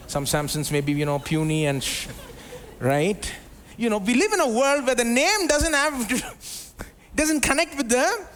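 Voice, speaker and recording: Guy preaching a sermon, pretty high voice for a man, chatty, keeps asking the crowd questions. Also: fairly bright tone, slight background noise. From India. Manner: conversational preaching, many rhetorical questions and "you know". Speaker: pastor. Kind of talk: live sermon. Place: church service before a congregation.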